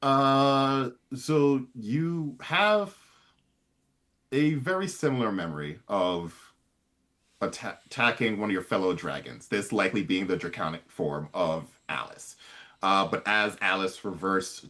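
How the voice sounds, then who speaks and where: A man's voice: on the low side, a little slow, fairly bright tone. A man running a tabletop game as game master, explaining rules in a loose, chatty way.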